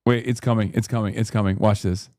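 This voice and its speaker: A man hosting a live stream, reacting in casual, animated commentary with swearing and quick jokey asides. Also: lowish voice, no echo. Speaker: streamer host.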